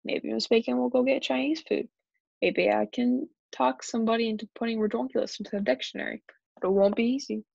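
A young adult woman reading a children's story aloud, giving the characters lively voices and shouts. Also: fairly high pitch, brisk, creaky, husky, no room sound. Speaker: storybook reader. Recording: dry, dull lo-fi recording.

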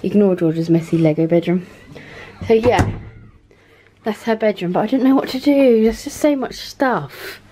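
A woman's voice: medium pitch, dark tone. A woman, chatting casually to camera while doing chores around her family home. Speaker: vlogger, mother of four. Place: family house, indoors.

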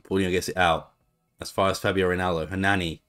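A man's voice: sits low, level tone, fast talker, a bit bright, faint music behind. A young man chatting casually as he comments on his own football management game, reacting to each move as it plays. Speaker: gaming YouTuber.

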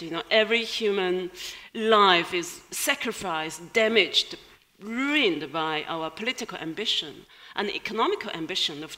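A woman's voice: medium pitch, pushed and bright. Chinese-accented woman speaking in a reverberant hall. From China. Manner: thoughtful, laughs between phrases. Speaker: guest writer. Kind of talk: onstage interview. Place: large hall at a live event. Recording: hall reverb from a live stage.

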